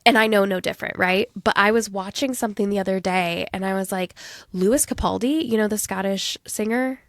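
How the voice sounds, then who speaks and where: A chatty woman in her thirties, co-hosting a podcast and leaping from one thought to the next. Her medium voice has a gravelly fry to it. The recording is dry and close. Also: medium pitch, brisk, dry recording. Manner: chatty, animated, trailing off mid-sentence. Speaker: podcast co-host. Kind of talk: casual chat.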